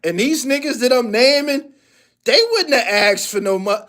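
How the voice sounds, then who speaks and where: A man hosting a sports podcast, ranting in profane, animated commentary and laughing often. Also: very high-pitched, normal speed.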